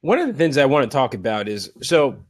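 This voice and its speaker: A man's voice: medium pitch, big pitch swings, brisk, no room sound, clean studio sound. A man in his twenties hosting a podcast, asking earnest, reflective questions in casual conversation. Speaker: podcast host.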